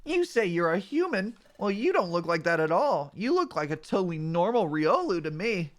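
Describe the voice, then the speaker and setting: A man's voice: high-pitched, sing-song, normal speed, pitched above the performer's own voice. A man voicing a friendly, earnest young Mudkip in a game, raising his voice well above his own. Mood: curious. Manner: raised, earnest storybook voice.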